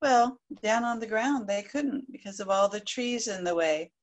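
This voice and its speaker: A woman storyteller narrating a folk tale aloud in a lively, expressive way. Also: medium pitch, moderate pace. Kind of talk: live oral storytelling.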